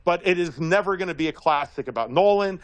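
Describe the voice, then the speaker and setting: A man giving a casual, rambling commentary monologue as a regular guest, telling stories in an animated way and laughing often. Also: high voice, quick pace, clear, resonant tone, dry recording, low-quality recording.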